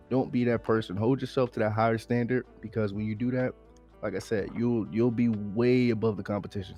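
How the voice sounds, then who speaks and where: A man co-hosting a podcast in casual motivational chat, sick and pausing to catch his breath. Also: mid-range voice, dark tone. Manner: pausing to catch breath, frequent "you feel me". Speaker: podcast co-host.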